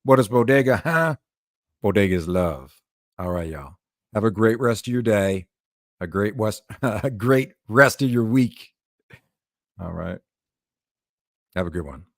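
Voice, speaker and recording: Man, streamer host, casual chat, swears freely, lowish voice, dry sound. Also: expressive, a little slow, pauses often, no echo. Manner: loose, laughing, swears freely.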